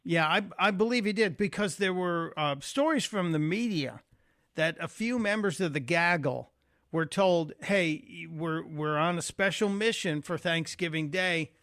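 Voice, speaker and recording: A man's voice: a little high, a little slow, a bit bright, no echo, studio quality. Folksy man hosting talk radio. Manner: conversational, folksy, with fillers. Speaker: radio talk show guest host. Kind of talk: talk radio monologue and call-in.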